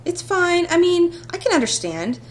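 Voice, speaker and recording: A woman voicing a spirited, witty young heroine, reading a visual novel aloud with a bright, playful touch. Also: extremely high pitch, sing-song, normal speed, voice pushed up.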